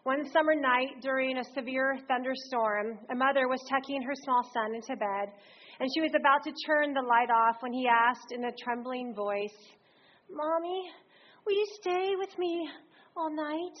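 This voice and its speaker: A woman preaches a sermon in a high, light voice. She tells stories in a lively way and leans into the scripture she reads aloud. The recording sounds a little dull and muffled. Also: moderate pace.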